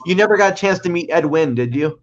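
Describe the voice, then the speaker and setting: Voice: medium pitch, expressive, fast talker, lo-fi sound. A host of a casual interview making brief, encouraging interjections.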